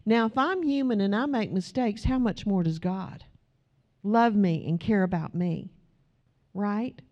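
A woman's voice: mid-range voice, unhurried, lo-fi sound. A middle-aged woman preaching a sermon in church, emphatic and direct with the congregation. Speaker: pastor.

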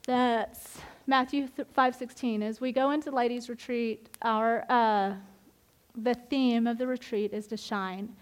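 Lively woman leading Bible study. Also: fairly high pitch. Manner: animated and candid, with frequent laughs and restarts. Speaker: women's Bible study leader. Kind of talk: informal devotional teaching.

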